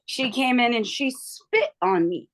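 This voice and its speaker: A woman's voice: fairly high pitch, expressive, measured pace. A tired young woman on a video call, telling a story candidly in casual chat. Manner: candid, storytelling, quotes people in her retelling. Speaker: book club member.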